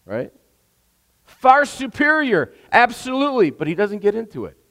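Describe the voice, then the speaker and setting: A man giving a sermon as a pastor, animated and conversational, often checking in with "right?". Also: very high voice, moderate pace. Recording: long hall reverb.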